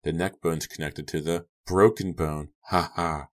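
A man voices a deranged young woman in a spoken horror story. Her voice stays very deep and quiet, almost dreamy. The menace sits in how softly she says things. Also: measured pace. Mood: quietly menacing. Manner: soft, quiet, eerily calm menace. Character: unhinged young woman, calm then vicious.

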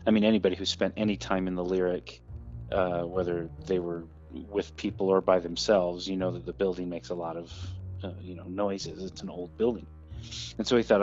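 A man's voice: low voice, fairly even intonation, fairly quick, a little mellow, dull audio, soft background music. A man telling a ghost story about an old theater in a casual, rambling way, with many fillers and restarts.

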